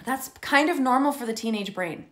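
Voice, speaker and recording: A middle-aged woman coaches parents in an earnest, explanatory way, checking in with her listeners as she goes. Her voice sits a little high. The room gives it a noticeable echo. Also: brisk. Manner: earnest, checks in with frequent "okay?" and "right?". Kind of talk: teaching talk to parents. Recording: roomy echo.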